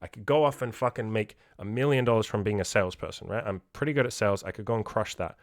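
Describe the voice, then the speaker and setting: A man's voice: on the low side, fast, dry recording, studio quality. Blunt swearing man talking straight to mic. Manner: blunt, swears freely, repeats words for emphasis. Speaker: self-improvement podcast host and coach. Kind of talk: casual podcast monologue.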